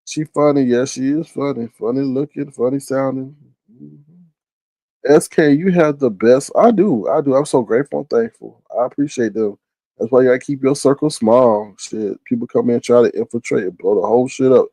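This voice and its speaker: A man hosts a casual live stream, reading viewers' messages aloud and answering them by name. His talk is loose, slangy and blunt, at a middling pitch. The sound is dry and close, with no room around it. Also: normal speed, mellow, dry recording.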